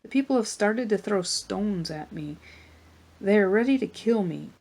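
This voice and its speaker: A woman's voice: mid-range voice, lively intonation, moderate pace, gravelly, a little mellow. A woman voicing Moses, a patient male leader who pleads earnestly with his people in a children's Bible story. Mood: pleading.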